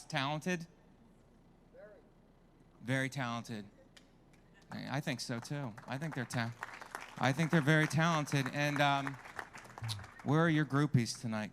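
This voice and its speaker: A man's voice: medium pitch, fairly bright tone, a little hiss or hum. Brash, crowd-working man doing stand-up. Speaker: stand-up comedian. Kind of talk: stand-up comedy set. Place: comedy club stage with live audience.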